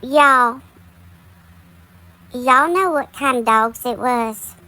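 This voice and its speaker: Bright, chatty woman gossiping. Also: sits high, extremely slow, rough recording. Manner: chatty, full of "like" and "y'all". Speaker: commentary channel host. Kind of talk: casual gossip commentary.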